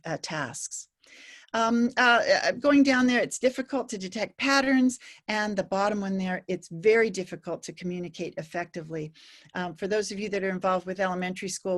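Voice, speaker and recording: A woman presenting a teacher-training workshop, explaining with frequent fillers and restarts, voicing students animatedly. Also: medium pitch. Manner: lively, animated when quoting students.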